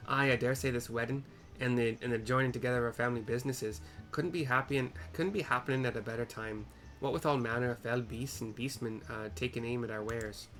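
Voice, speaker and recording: A man voicing a gruff, folksy aging male merchant who rambles. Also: medium pitch, fairly even intonation, fast talker, few pauses, a bit bright, faint music behind, lightly acted.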